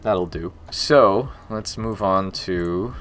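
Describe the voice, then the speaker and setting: A man in his forties, low-voiced and extremely slow, chats casually on a live stream while working on a game, rambling through jokey asides and muttering to himself along the way.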